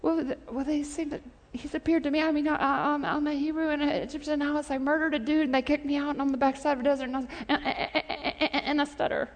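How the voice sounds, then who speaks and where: A woman's voice: very high voice, lively intonation, a bit bright, in a large hall. A woman preacher voicing Moses as an insecure, conflicted man who stammers and doubts himself. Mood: anxious, self-doubting. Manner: halting, stammering, self-doubting.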